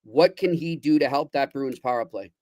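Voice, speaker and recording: A man's voice: medium pitch, normal speed, darkish tone, dry recording. A man co-hosting a hockey podcast, chatting casually and feeding questions to his partner. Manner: conversational, feeds questions, frequent short agreements. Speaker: podcast co-host.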